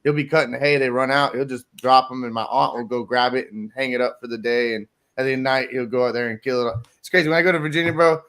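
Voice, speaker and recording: A man's voice: medium pitch, fairly even intonation, quick pace, few pauses, fairly bright tone, clean tone. A man telling crude hunting stories in a casual chat, swearing freely and laughing often. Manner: crude, profane storyteller who laughs often.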